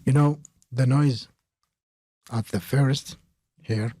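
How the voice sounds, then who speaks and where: A man walks through an audio mixing tutorial in a slow, halting way, stopping often on filler sounds. His voice sits fairly low and a little husky. The recording is dry and close, with no room sound. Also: fairly even intonation, warm tone, no echo. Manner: halting, many filler pauses.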